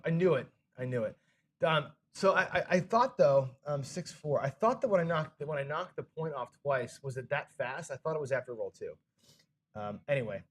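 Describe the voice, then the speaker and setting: A man hosts a live craps game stream, talking loosely in a mid-range voice. He swears and scolds himself over his own slip-ups with frustrated self-deprecation. A faint hiss of noise sits under the recording. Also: medium pitch. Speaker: craps show host. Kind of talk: live casual chat while playing.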